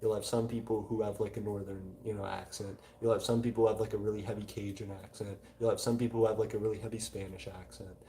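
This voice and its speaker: Mellow, hesitant young man hosting a stream. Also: on the low side, little pitch movement. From South Louisiana, USA. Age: 20s. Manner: hesitant, frequent filler pauses while reading chat. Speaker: livestream co-host. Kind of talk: casual livestream chat.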